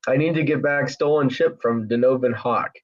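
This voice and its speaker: A man's voice: medium pitch, moderate pace, lightly acted. A man voicing an anxious, earnest young woman thief in a raised, pleading voice, on a dull lo-fi recording. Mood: urgent.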